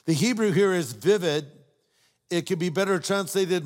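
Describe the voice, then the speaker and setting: An older man preaches a sermon with warm storytelling and playful asides. His voice sits a bit high for a man. It carries a long reverb from a large hall or church. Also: normal speed. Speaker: pastor.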